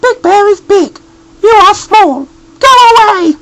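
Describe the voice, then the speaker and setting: A man doing a shrill, shouting mother bear. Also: expressive, a little slow, full character voice, low-quality recording. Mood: indignant. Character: stern mother bear shooing strangers away.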